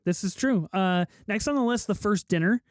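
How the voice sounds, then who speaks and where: Higher-voiced man hosting a chatty podcast. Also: normal speed, no room sound, studio quality. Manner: leads discussion, swears casually. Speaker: podcast host. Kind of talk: casual chat.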